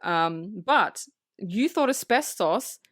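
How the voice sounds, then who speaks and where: Swearing, animated woman podcaster. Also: medium pitch, slow, no room sound, studio quality. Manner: animated, swears freely, acts out characters. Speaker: podcast co-host. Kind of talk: casual movie review chat.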